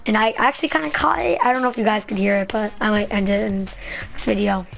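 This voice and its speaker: A woman vlogger telling a story in a rambling, excitable way, full of fillers. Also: medium pitch, fast, gravelly, soft background music. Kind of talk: casual storytelling vlog.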